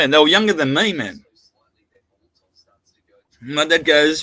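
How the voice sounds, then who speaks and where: A man's voice: on the high side, measured pace, pauses often, pushed and bright, no room sound. A man with an Australian accent telling crude, laughing anecdotes in a casual chat, slipping into put-on voices. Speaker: podcast co-host.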